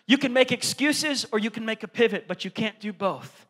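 A man's voice: very high voice, normal speed, few pauses, a bit bright, long reverb tail. A male pastor preaching a sermon, emphatic and exhorting as he drives his points home. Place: large church.

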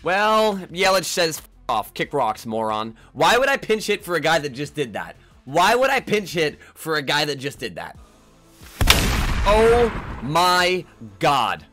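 Excitable young man calling his own game. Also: fairly high pitch, moderate pace, few pauses, soft background music. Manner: excitable, trash-talking, jumps between mutters and yells. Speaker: gaming YouTuber. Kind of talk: live gameplay commentary.

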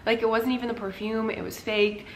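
Talking briskly in a voice on the high side with little pitch movement, a young woman vlogs about lifestyle from home. She's chatty and rambling, packing her speech with "like," and the audio carries roomy echo and faint noise.

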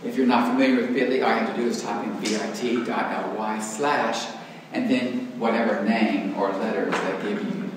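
A man's voice: on the low side, fairly even intonation, normal speed. A man with an East Texas accent teaching an adult church class, chatty and self-deprecating, with hesitant fillers. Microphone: distant room mic. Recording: echoey hall, voice far from mic, faint noise.

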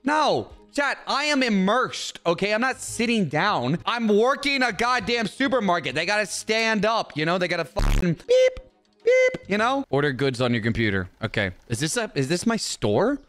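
A young man playing a video game and chatting to viewers, goofy and excitable, swearing and joking as he goes. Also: high voice, normal speed, hardly any pauses, faint music behind. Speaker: gaming YouTuber. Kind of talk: let's-play commentary.

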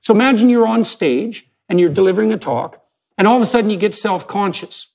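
High, gravelly man lecturing emphatically. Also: lively intonation, brisk, darkish tone. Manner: emphatic, questioning, with sudden rises in pitch. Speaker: psychologist in conversation. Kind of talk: lecture-like discussion.

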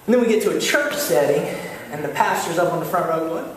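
Brief: male pastor, lively up-and-down delivery, heard from afar in a reverberant church. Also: a little high, fast, crowd noise. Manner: animated storytelling, repeats "listen", acts out voices. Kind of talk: sermon. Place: church sanctuary. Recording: echoey church hall, mic far off.

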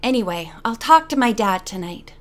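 A woman's voice: on the high side, lively intonation, normal speed, lightly acted. A woman reading the part of an earnest, worried young woman detective in an audiobook. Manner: earnest, eager.

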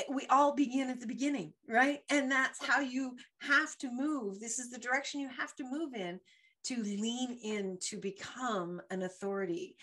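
A woman's voice: a little high, fairly bright tone. A middle-aged woman hosting a motivational talk show, telling stories animatedly and laughing often. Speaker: host.

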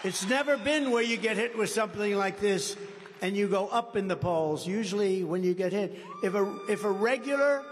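A man giving a campaign rally speech in a large indoor venue. He rambles and repeats himself for emphasis, swinging from shouted lines to low asides. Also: normal speed, some chatter behind. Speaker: political candidate. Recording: reverberant hall, faint background noise.

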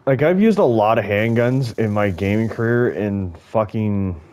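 Lowish-voiced guy cursing and joking his way through a dinosaur game. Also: expressive, moderate pace, darkish tone. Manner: profane, jokey, talks to the creatures on screen. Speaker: gaming YouTuber. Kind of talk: casual gameplay commentary.

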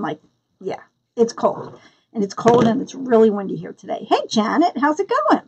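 A middle-aged woman hosting a live craft tutorial, chatting casually and greeting viewers by name as she works. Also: fairly high pitch. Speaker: crafting livestream host.

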